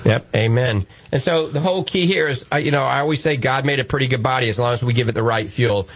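A man's voice: mid-range voice, fast talker. A man with a New Orleans accent hosting a call-in radio show, talking in a folksy, reassuring and jokey way. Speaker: radio show host, doctor.

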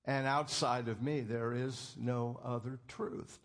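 A man delivers a sermon at an unhurried, deliberate pace. His voice sits in an ordinary middle register, and he speaks earnestly, leaning hard on his key points and quoting scripture. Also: medium pitch. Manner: earnest, emphatic, quotes scripture. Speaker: preacher.

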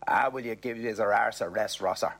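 A gruff young lad with a flat, blunt delivery, put on by a husky male reader. His voice sounds set apart from the narrator's, lower and more offhand. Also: normal speed, exaggerated voice. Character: blunt young Dublin lad, eldest son.

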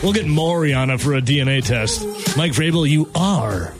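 A man co-hosting a sports radio show, bantering in a wry, joking way with a lively, bouncing pitch. He speaks at an even middle pitch, and faint music plays under the studio mic. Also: normal speed. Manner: joking, wry, trailing asides.

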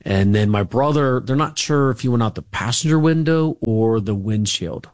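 A man's voice: medium pitch, lively intonation, normal speed, dry recording, clean studio sound. A man, a guest author, telling family stories in a casual interview, rambling with many fillers and restarts.

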